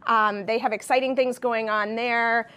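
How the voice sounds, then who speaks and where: Woman guest, slightly high voice, cheerful, chatty, lots of ums. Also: steady tone, normal speed, bright, forceful tone, smooth. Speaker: shop co-owner, guest. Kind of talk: TV interview.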